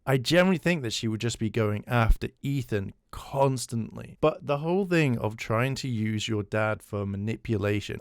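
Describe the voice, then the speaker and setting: A man's voice: medium pitch, lively intonation, normal speed, few pauses, smooth, no echo, studio quality. A man hosting reaction commentary, blunt, profane and scornful. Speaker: commentary host.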